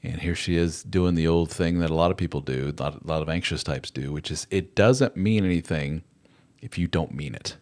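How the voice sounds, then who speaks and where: A man's voice: sits low, brisk, a little mellow. A middle-aged man hosting a live chat, talking in a rambling, conversational way and acting out little quotes in other voices. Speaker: host. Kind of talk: live chat advice talk.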